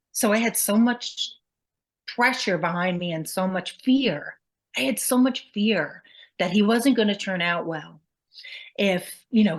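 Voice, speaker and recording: A middle-aged woman co-hosting a podcast, talking candidly and reflectively about her own parenting mistakes. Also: medium pitch. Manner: candid, confessional, acts out quotes in a sharper voice. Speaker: podcast co-host. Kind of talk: reflective casual chat.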